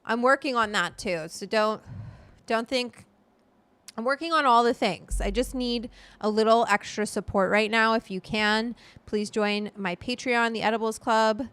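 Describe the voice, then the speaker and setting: A middle-aged cannabis cook livestreams from home, loosely chatting, swearing casually and going through viewer comments. Her voice is on the high side, a little slow, a bit bright, clear and resonant, recorded dry on a desk studio mic.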